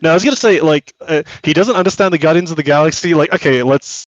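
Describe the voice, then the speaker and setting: A man co-hosting a podcast in casual reaction chat, sarcastic and quick to laugh. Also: on the high side, dry recording, dull audio. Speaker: podcast co-host.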